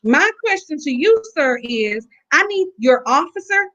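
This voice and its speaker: Woman guest, high voice, indignant and emphatic storyteller, lo-fi call line. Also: lively intonation, a little slow, a bit bright. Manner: indignant, emphatic retelling with quoted dialogue. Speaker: guest telling her story. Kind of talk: casual storytelling. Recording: dull lo-fi call audio.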